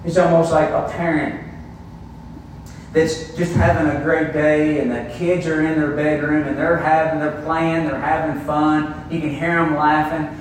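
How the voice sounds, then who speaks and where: A man preaching a sermon, teaching a Bible passage slowly and deliberately in a church hall, heard from a distance. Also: a little high, little pitch movement, slight background noise. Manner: teaching verse by verse, slow and deliberate. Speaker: pastor. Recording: very echoey room, voice from far off.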